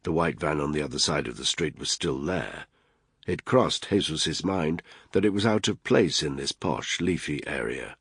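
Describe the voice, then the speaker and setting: A man narrating a thriller audiobook in a steady, grave scripted style. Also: rumbling low, moderate pace, breathy edge, no echo, studio quality.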